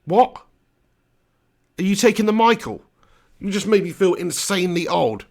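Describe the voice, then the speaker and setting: A man hosting a live football watch-along, chatting with viewers and breaking into excited play-by-play. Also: sits high, moderate pace, creaky. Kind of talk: live commentary and chat reading.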